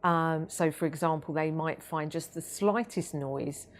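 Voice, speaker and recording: A woman giving a training talk about autism, measured and explanatory, with frequent ums and restarts. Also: deep voice, a little hiss or hum.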